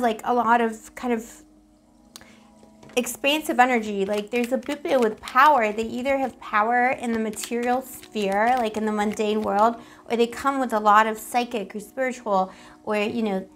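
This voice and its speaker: A woman's voice: on the high side, a bit bright. A woman giving a casual, rambling tarot reading to the camera, playful and affectionate, full of pet names and giggles. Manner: giggly, self-teasing. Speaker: tarot reader.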